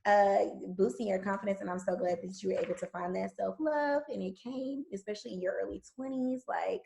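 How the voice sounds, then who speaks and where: Southern woman in her twenties, podcast host; gravelly, lively and quick to laugh in casual chat. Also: mid-range voice, a little hiss or hum, poor audio. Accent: Southern American. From American South. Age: 20s. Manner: animated, emotional, laughs easily.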